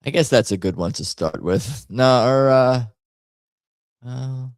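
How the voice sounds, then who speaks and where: A man hosting a live stream chats casually, rambling and joking and breaking off mid-sentence to interrupt himself. His mid-range voice is animated but slow, captured in clean studio sound with no echo.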